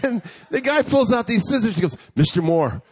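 Animated male preacher telling a story. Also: brisk, slightly rough, dry recording. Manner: animated storytelling, raising his voice high for quoted lines. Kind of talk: sermon with humorous personal story.

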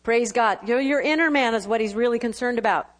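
A woman preaching a sermon, lively, with quick bursts and laughing asides. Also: a little high.

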